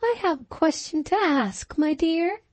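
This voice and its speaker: A woman doing a shrill scandalized society lady. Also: lively intonation, a little slow, darkish tone, dry recording. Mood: indignant. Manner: shrill, disapproving and bitter.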